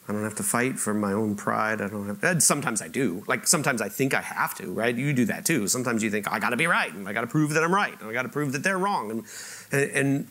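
A man's voice: mid-range voice, a bit bright. A man preaching a sermon to his church, talking conversationally, often repeating words as he restarts and asking the congregation questions. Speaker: pastor. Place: church auditorium.

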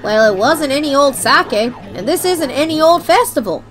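A woman's voice: high voice, animated, normal speed, fairly bright tone, soft background music. A woman voicing a rambling old southern village man with a put-on Southern US drawl, reading game dialogue aloud. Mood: folksy.

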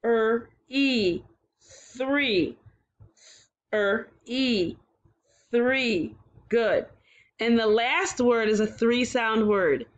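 A woman teaching a kindergarten phonics lesson, sounding out words slowly and praising the children cheerfully. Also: on the high side. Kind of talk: slow, clear phonics lesson for young children.

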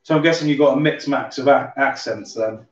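A man's voice: mid-range voice, brisk. A man with a light Somerset twang hosting a casual drink-along livestream, chatting in a rambling way and swearing offhandedly. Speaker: livestream host. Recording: roomy, distant, dull sound with music behind.

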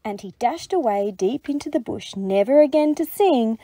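Mellow woman reading a children's story. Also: fairly high pitch, moderate pace, hardly any pauses, dry recording. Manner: gentle, expressive storytelling. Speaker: storybook reader. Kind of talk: children's read-aloud narration.

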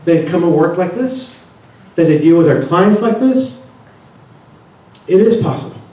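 A man's voice: sits high, animated, unhurried, dark tone. A man giving a seminar talk to an audience, often putting questions to the room. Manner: asks the audience many questions. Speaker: conference speaker. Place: large conference room. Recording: echoey room, distant mic.

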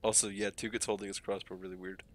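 A man's voice: on the low side, flat delivery, fast talker, soft background music. A man streaming a game, chatting casually with friends and laughing often. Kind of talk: casual gaming chat.

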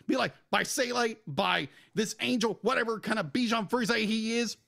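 Ranting high-voiced man with gravelly edge. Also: moderate pace, few pauses, pushed and bright. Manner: emphatic, ranting, exasperated. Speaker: podcast co-host. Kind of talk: casual podcast review.

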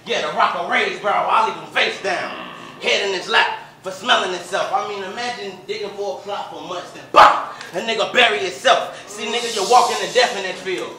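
A man's voice: sits high, a little fast, hardly any pauses. A man performing a battle rap with an aggressive, boastful delivery. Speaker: battle rapper. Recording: roomy echo, distant mic, faint noise.

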